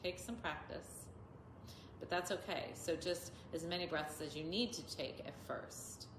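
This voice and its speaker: Woman yoga teacher, slow and patient, explaining chants, echoey room with hiss. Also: fairly low pitch. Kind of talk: instructional talk with chanting demonstration.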